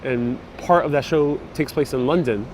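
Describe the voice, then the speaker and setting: A man's voice: medium pitch, normal speed, darkish tone. A man guiding a live-streamed city bus tour, chatting casually and reading out viewer comments. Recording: faint street and traffic noise.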